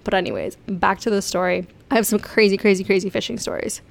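A young woman from South Florida telling stories casually to her viewers, chatty and excitable, laughing often. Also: medium pitch, quick pace, gravelly. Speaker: vlogger. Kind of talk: casual storytelling.

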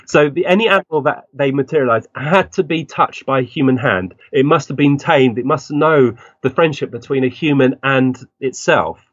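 A man, a guest on an interview, telling animated stories and acting out the voices of people in them. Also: mid-range voice, moderate pace, hardly any pauses, slightly rough, no room sound. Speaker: guest medium. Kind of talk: interview storytelling. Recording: dull, dry lo-fi recording.

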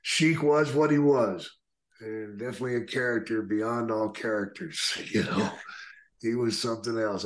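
A man, a guest telling laid-back stories in a casual interview, laughing now and then. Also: lowish voice. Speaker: guest, retired wrestler.

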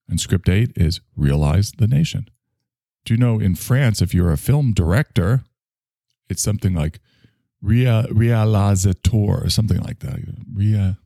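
Low gravelly guy with a bad back, rambling podcast talk, pitch bouncing all over, self-mocking. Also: warm tone, no echo, studio quality. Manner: rambling, self-mocking, swings between grumbling and enthusiasm. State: in back pain. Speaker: podcast host. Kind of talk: casual solo monologue.

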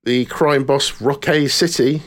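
A man's voice: mid-range voice, fairly even intonation, a little slow. A man hosting a casual gaming podcast, moving easily from one news item to the next. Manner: easygoing, moves through topics. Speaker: podcast host running the news segment. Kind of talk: casual chat.

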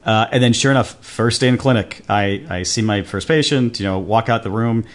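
A man, a doctor and podcast co-host, telling a personal story with many pauses and restarts. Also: fairly low pitch. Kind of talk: casual podcast chat.

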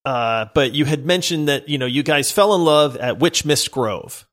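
A man co-hosting a gaming podcast, retelling a quest in an animated, laughing way. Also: on the high side, moderate pace. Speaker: podcast co-host. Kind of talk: casual chat.

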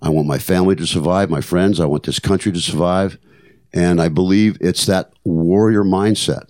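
A man's voice: sits low, steady tone, moderate pace, darkish tone. An older man hosting a podcast, telling stories in an earnest, motivational way and repeating phrases for emphasis. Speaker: podcast host. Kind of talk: reflective storytelling monologue.

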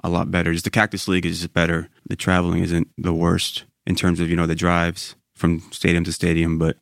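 A man, a beat reporter guest on a podcast, chatting in a relaxed, loose way with many fillers. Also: deep voice, fairly quick, creaky, no room sound, clean studio sound. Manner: relaxed, loose, lots of "you know" and "I mean". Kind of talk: casual interview chat.

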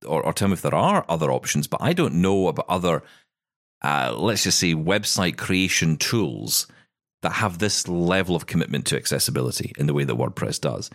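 A male podcast host with a low voice and a lively, bouncing delivery. He talks in an upbeat, jokey, chatty manner, recorded dry and close. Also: dry recording. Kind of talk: casual tech chat. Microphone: studio mic.

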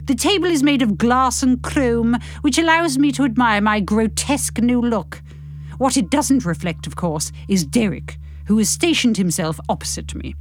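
A woman hosting a show and reading an audiobook aloud in a wry, expressive way. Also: on the high side, moderate pace, slight background noise. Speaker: host and audiobook reader.

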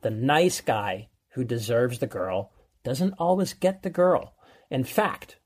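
A man's voice: medium pitch, slightly rough. A man co-hosting a movie-advice podcast, chatty and rambling as he sums up a film. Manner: chatty, rambling, with fillers and laughs. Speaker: co-host.

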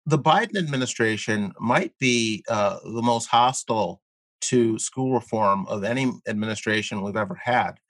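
A man speaking as a guest in an interview, explaining his views earnestly while halting often with fillers and repeated words. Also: fairly low pitch, fairly bright tone, no room sound. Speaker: guest columnist. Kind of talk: conversational interview.

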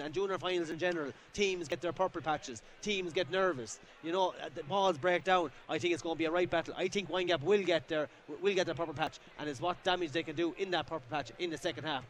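An Irish man giving co-commentary analysis at a live hurling match outdoors, talking in a rambling way with lots of fillers and restarts. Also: a little high. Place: outdoor sports ground.

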